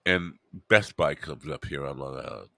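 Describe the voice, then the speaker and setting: A man's voice: rumbling low, normal speed, creaky, sharp tone, no echo. A man hosting a podcast alone, rambling and muttering to himself with wry asides. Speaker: podcast host.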